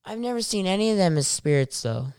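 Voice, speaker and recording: A man's voice: high voice, very animated, fairly quick, a little mellow, smooth, dry recording, clean studio sound. A man in casual conversation about video games who hesitates and searches for his words. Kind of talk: casual gaming chat.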